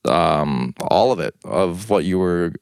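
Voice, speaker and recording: A man's voice: deep voice, lively intonation, slow, vocal fry, dry recording, studio quality. A man hosting a podcast, earnest and hesitant in casual chat. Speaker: podcast host.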